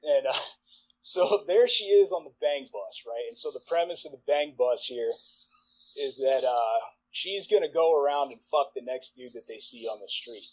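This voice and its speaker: A man in his forties, a podcast guest, telling a long profane anecdote in a rambling way full of "like" and quick laughs. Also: medium pitch, expressive, breathy edge, rough recording. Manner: rambling, profane, filler-heavy, laughs mid-sentence. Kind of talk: casual storytelling anecdote.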